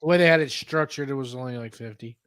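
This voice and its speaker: A man's voice: medium pitch, fast, fairly bright tone, smooth, no room sound, clean studio sound. A man chatting about wrestling, blunt and casual, swearing freely. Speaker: podcast co-host.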